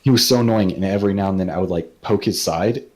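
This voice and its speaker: Very deep-voiced young man from California. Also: quick pace. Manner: laid-back, with fillers and hesitations. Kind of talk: casual storytelling chat.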